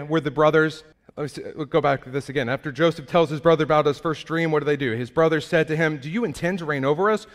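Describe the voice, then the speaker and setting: A man's voice: fairly high pitch, big-room sound. A man preaching a conversational sermon as a pastor, asking his congregation rhetorical questions.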